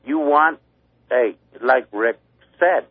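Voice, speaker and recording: An older man calling into a radio show, gruff and blunt. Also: medium pitch, slow, dry recording. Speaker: caller. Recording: tinny phone line.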